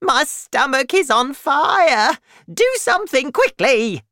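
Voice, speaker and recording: A woman voicing a cranky old grandmother in a storybook reading, shouting and complaining. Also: sits high, sing-song, slow, no echo, voice pushed up, heavily acted.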